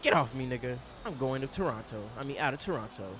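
A young man streaming live, reacting to basketball highlights with loud outbursts and slang, talking at the players on screen. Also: expressive, fast. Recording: faint music behind the voice.

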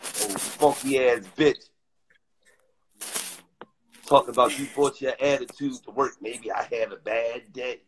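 A middle-aged man telling crude stories casually on a live stream, animated and profane, acting out both sides of his arguments. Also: mid-range voice, slow pace, pauses often, slight background noise, rough recording.

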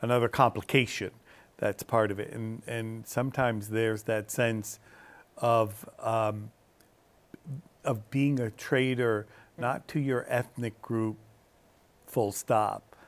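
A man's voice: fairly low pitch, fairly even intonation, takes it slowly. A man hosting a studio interview show. He talks in meandering sentences full of "you know" and "um". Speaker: TV show host.

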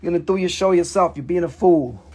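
A man's voice: sits high, quick pace, darkish tone, breathy edge, voice pushed down. A man playing a scolding, fed-up coworker. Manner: scolding, exasperated. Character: scolding woman coworker telling him to calm down.

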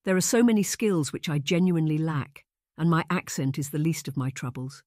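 A man's voice: fairly high pitch, a little fast, darkish tone, dry recording, studio quality, lightly acted. A man voicing an earnest young governess, raised and shaky. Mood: troubled. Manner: polite, deferential, slightly shaky. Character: young destitute woman, earnest governess trainee. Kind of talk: audiobook character voice.

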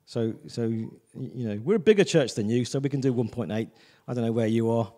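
A man gives a sermon in a church with a mellow, warm tone. He talks loosely and personally, stopping often to check in with the congregation. His pitch sits in a middle range. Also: fairly quick, big-room sound. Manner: conversational, repeats "do you know what I mean". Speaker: visiting preacher.

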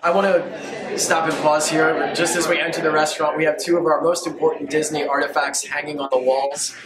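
A man's voice: a little high, little pitch movement, heavy background noise. A man leading a walking tour of a restaurant, presenting its history in a friendly way with frequent fillers. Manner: friendly guide, pauses with fillers.

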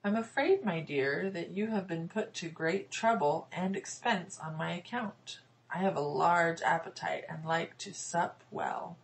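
A woman reading the lines of a huge, greedy male ogre in a storybook, with a gruff, growling manner. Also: on the low side, unhurried, slight background noise, poor audio. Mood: polite.

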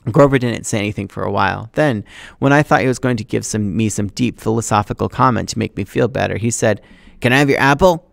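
A man's voice: on the low side, fast, vocal fry, no room sound, studio quality. A man teacher reading a novel aloud to his class, acting out the dialogue with expression.

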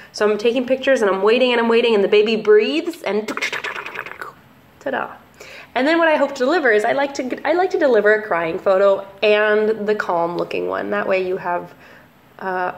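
A young woman, a family photographer chatting casually in a relaxed vlog, with plenty of ums and likes. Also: on the high side. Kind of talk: casual talking-head vlog.

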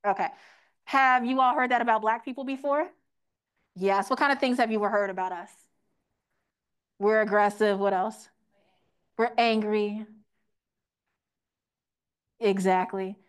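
A woman's voice: medium pitch, steady tone, a little slow, long pauses, clear, resonant tone. A young woman teaching a room, asking the audience questions and acting out quoted voices. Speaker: teach-in speaker. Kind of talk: interactive classroom lecture.

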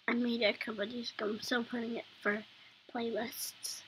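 A woman's voice: fairly high pitch, steady tone, normal speed, lo-fi sound, a little hiss or hum. A woman streaming a game in casual chat, sick with a cough, singing made-up songs and apologizing often. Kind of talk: casual gaming livestream chat.

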